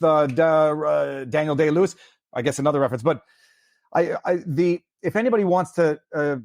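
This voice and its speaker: A man's voice: a little high, darkish tone, no echo, clean studio sound. A man hosting a podcast in casual chat, speaking earnestly and opinionatedly with frequent restarts.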